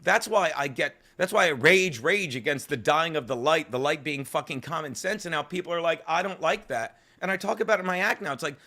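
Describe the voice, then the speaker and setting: A male comedian telling rambling, profane stories in an interview. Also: on the high side. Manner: fast, swearing, animated storytelling. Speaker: comedian guest.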